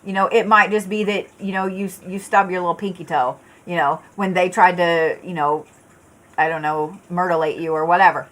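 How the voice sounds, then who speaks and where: A tired, yawning woman does a live tarot reading, blunt, casual and profane, chatting with viewers amid frequent fillers and restarts. Her voice is fairly low and a bit bright, with a steady tone and a moderate pace.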